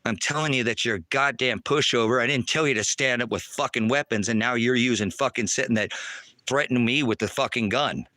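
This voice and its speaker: A man's voice: mid-range voice, a little fast, dry recording, clean studio sound. Furious, profane man ranting. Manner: furious, profane, taunting, often shouting. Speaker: livestreamer. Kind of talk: angry livestream rant. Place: outdoors at a rural homestead.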